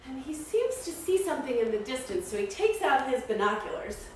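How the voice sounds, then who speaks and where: A woman leads a children's yoga class as she tells a story, playful and encouraging throughout. Her high voice jumps around a lot, and it sounds far off the mic in an echoey room with faint noise behind it. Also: big pitch swings, fairly quick. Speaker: kids' yoga teacher.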